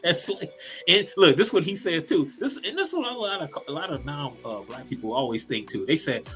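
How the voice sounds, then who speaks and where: A man with a bright, forceful voice that swings widely in pitch, co-hosting a laid-back podcast. He talks in a rowdy, profane way, restarts his sentences and laughs a lot. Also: fairly quick, faint music behind. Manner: animated, profane, laughs often, repeats words. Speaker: podcast co-host. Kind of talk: casual comedic podcast chat.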